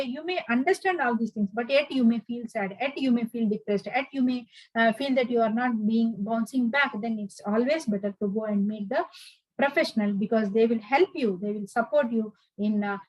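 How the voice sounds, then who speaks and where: A woman's voice: on the high side, no echo, poor audio. A woman giving an earnest advice lecture, full of fillers and restarts. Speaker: instructor.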